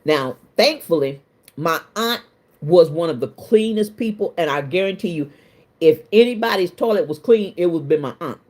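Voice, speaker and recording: Lively middle-aged woman spinning a story. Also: fairly low pitch, moderate pace. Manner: animated, laughs often, colloquial and self-mocking. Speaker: livestream host. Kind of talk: casual storytelling to a live chat.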